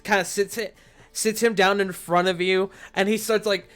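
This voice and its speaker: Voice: medium pitch, steady tone, normal speed, a bit bright. A game master narrating a tabletop game in a casual way, with lots of fillers and laughs.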